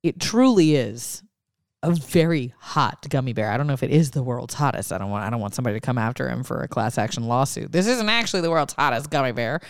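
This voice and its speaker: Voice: mid-range voice, fast, clean tone, no room sound, studio quality. Wry podcast co-host from the Pacific Northwest. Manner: wry, deadpan asides, jokey bits. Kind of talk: casual chat, reading news stories.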